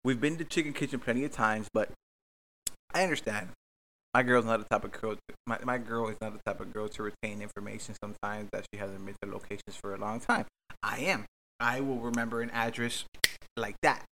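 A man's voice: on the low side, steady tone, brisk, pushed and bright, a little hiss or hum. A man hosting a podcast, telling a personal story in a rambling, profane, self-mocking way. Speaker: podcast host. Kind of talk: casual storytelling chat.

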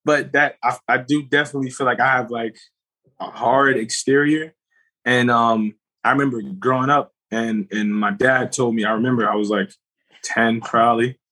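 A man speaking reflectively in casual chat, halting with many fillers and restarts. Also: mid-range voice, fairly even intonation, sharp tone, poor audio. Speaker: podcast co-host.

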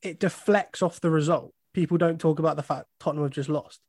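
A man with a fairly high voice gives blunt, wry opinions on a football podcast. The recording is dry and close, with no room sound. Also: steady tone, brisk, darkish tone, husky, no echo. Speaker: podcast co-host. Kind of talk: casual football podcast chat.

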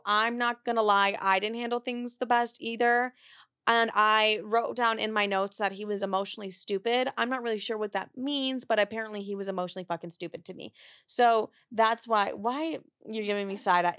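A woman's voice: on the high side, a bit bright, clear, resonant tone, no room sound, studio quality. Blunt, foul-mouthed young woman. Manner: blunt, profane storytelling with acted-out quotes. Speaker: podcast host. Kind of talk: casual confessional chat.

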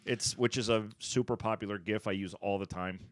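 A man co-hosting a casual podcast chat, retelling favorite comedy scenes and acting out the characters' lines with big pitch jumps and laughs. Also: a little fast, no echo. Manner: animated, acts out quotes with pitch jumps and laughs. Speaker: podcast co-host. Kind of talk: casual chat, ranking favorite sitcom moments.

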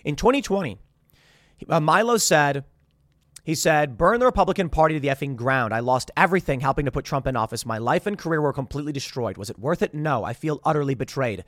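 Male podcast host in his thirties, higher voice, close dry sound, rambling with restarts. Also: lively intonation, quick pace, fairly bright tone, no echo. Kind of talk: casual commentary.

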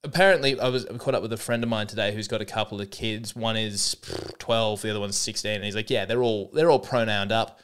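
A man around thirty with an Australian accent, a comedian hosting a podcast, telling stories in a rambling, animated way with lots of restarts. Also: fairly low pitch, fast talker, smooth. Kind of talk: casual comedic monologue.

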